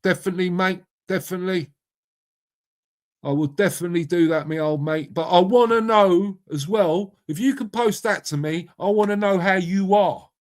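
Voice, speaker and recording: A middle-aged man hosts a relaxed live chat and speaks with a fairly high voice. He is matey and swears without holding back, and he calls out his viewers one by one by name. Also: normal speed. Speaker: live stream host reading chat. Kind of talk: casual chat.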